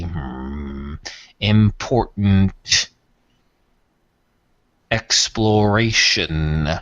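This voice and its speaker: A man doing a slow, cold immortal being. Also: lowish voice, fairly bright tone, no room sound, lo-fi sound. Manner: slow, measured, disdainful with drawn-out pauses. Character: cold ancient male immortal being, aloof.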